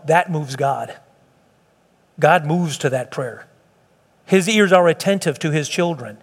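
A man preaching a sermon as pastor, animated and acting out quoted lines, in a church. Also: high voice, unhurried. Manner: animated, acts out quotes, sings hymn lines. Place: church sanctuary. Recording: long reverb of a large hall.

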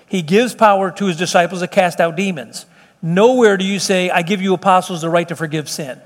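A man's voice: high voice, brisk, big-room sound. A middle-aged man preaching a sermon in an earnest, conversational way, often restarting his sentences. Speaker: pastor. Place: church meeting room.

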